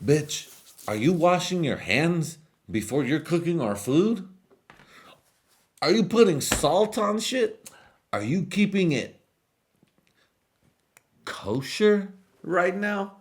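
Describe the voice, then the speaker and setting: A stoned man acting out a bullying king who grills his subjects in a voice pushed far above his own deep one. The questions come loud and crude, each one an accusation. It sounds like a comic bit tossed into a podcast. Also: lively intonation, unhurried, gravelly, hardly any pauses, heavily acted. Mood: interrogating. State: high.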